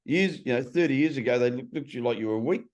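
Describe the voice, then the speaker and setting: A man's voice: medium pitch, rapid-fire, a little mellow, lo-fi sound. An Australian man hosting a casual podcast chat, telling blunt stories with some swearing.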